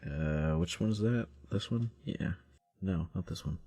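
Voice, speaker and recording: A man's voice: deep voice, a little slow, dark tone, breathy edge. A man playing a tabletop game, hesitant and laid-back. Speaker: player.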